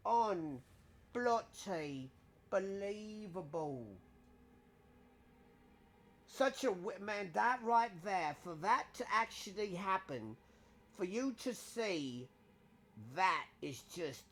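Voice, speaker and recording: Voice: mid-range voice, lively intonation, a bit bright, a little hiss or hum, full character voice. A streamer doing a put-on British accent, rambling in mock outrage with heavy slang over live gameplay. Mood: mock-outraged. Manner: over-the-top slang, drawn-out indignant rambling. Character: exaggerated slangy Brit, adult, dramatic and mock-outraged.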